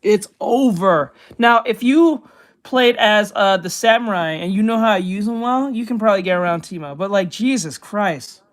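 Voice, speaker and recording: A woman doing casual gaming reaction commentary, excitable, swearing and often shouting. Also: mid-range voice, moderate pace. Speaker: YouTuber reacting to videos. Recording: voice with music playing behind. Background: clear music.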